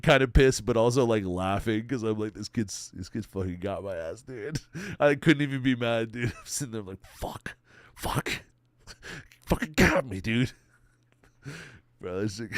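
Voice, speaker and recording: A man's voice: medium pitch, smooth, no room sound, clean studio sound. Stuffy-nosed young man from Texas. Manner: profane, laughing, rambling. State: stuffy nose. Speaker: livestreamer. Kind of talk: casual stream chat.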